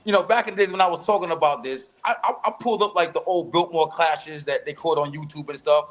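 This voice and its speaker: A man co-hosting a casual talk show, laid-back and quick to laugh, gently pushing back on his co-host. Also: a little high, muffled recording. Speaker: podcast co-host. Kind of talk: casual chat about sound clashes.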